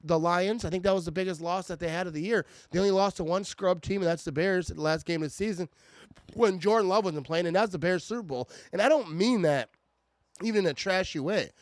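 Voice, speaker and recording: A man's voice: high voice, a little fast, no room sound. A man in a casual, irritated fan rant about his team, stammering and restarting often. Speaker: sports fan vlogger.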